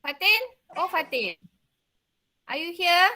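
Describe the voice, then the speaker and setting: A woman's voice: very high-pitched, animated, takes it slowly, bright, forceful tone. A woman teacher with a Malaysian accent explaining a play to a class, checking in with questions. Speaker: English literature teacher.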